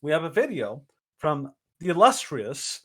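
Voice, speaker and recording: Male co-host, slightly high voice, rambling, filler-heavy delivery. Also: sing-song, measured pace, pushed and bright. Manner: rambling, many fillers and restarts. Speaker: podcast co-host. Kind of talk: casual opinion chat.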